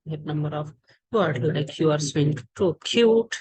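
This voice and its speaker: An Indian woman who teaches English explains pronunciation in an online lesson, her Indian-accented voice deep and darkish in tone. She speaks haltingly, with many fillers and restarts and repeated words. The screen-share recording has poor audio and slight background noise.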